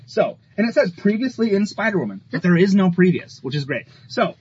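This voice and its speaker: His voice sits high with big pitch swings, brisk and a little mellow. As a podcast co-host he talks comics casually and excitedly, laughing a lot, in a slightly dull recording with faint ambient noise.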